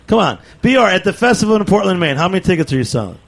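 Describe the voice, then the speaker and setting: A man's voice: sits high, big pitch swings, rapid-fire, creaky. A man co-hosting a radio show in the studio, teasing and pressing the guest with questions. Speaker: radio co-host. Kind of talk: casual radio chat.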